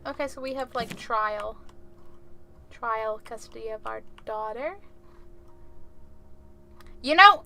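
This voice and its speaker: A woman's voice: fairly high pitch, bright, forceful tone, a little hiss or hum. A woman streamer giving casual, jokey gameplay commentary, chatty, swearing freely and laughing often.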